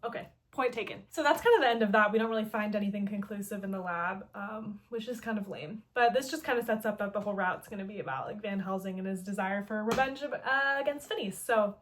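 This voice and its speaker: A woman's voice: mid-range voice, fast, hardly any pauses, slight background noise. A woman hosting a casual story recap, chatty and playful, with lots of filler words and side comments. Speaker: host.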